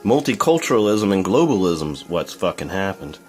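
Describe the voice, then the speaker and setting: A man's voice: low-pitched, sing-song, moderate pace, a little mellow, faint music behind. A young man talking in a casual, profane, rambling rant as a vlogger. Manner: profane, blunt, rambling with fillers. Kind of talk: casual ranting monologue.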